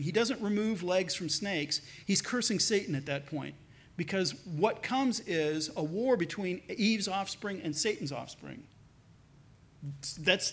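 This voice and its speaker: High-voiced pastor preaching conversationally. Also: male voice, fairly bright tone. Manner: conversational, acts out quoted voices with lowered pitch. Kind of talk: sermon.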